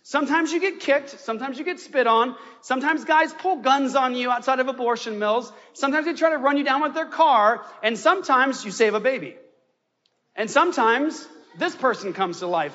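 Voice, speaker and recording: A man preaches with a very high, bright, forceful voice, telling his story with fervor. His words ring out through a long church reverb. The recording is dull and lo-fi. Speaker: pastor. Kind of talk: sermon. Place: church sanctuary.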